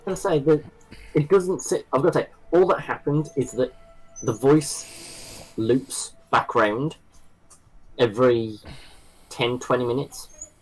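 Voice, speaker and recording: A man's voice: medium pitch, measured pace, pauses often, breathy edge, low-quality recording. A man running a tabletop game as game master, describing scenes with hesitant restarts.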